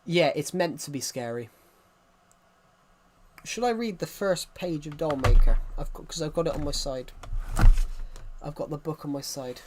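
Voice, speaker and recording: A man's voice: on the high side, moderate pace, long pauses, slight background noise. Opinionated British man chatting on stream. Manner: opinionated, rambling with many restarts. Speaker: livestreamer. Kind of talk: casual livestream chat.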